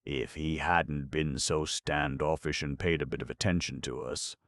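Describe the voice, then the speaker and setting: A man voicing a screeching, boastful male jay who is quick to defend himself in a storybook reading. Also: fairly even intonation, a bit bright, no room sound. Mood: indignant. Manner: shrill and defensive.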